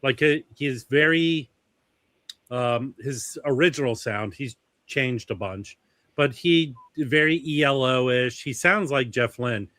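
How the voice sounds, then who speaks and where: A man hosting a livestream, chatting in a rambling, halting way. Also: medium pitch, fairly bright tone, no echo. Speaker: livestream host. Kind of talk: casual livestream chat.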